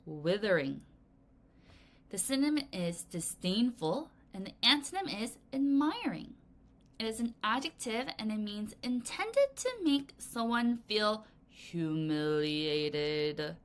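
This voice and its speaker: A woman teaching a recorded vocabulary lesson for children, explaining words in a playful, expressive way and counting the class in to read aloud. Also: medium pitch, slow pace.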